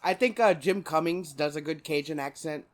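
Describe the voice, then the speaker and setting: A man with a slightly higher voice, co-hosting a casual podcast. He laughs often and keeps chiming in with jokes and quick asides. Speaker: podcast co-host. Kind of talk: casual chat.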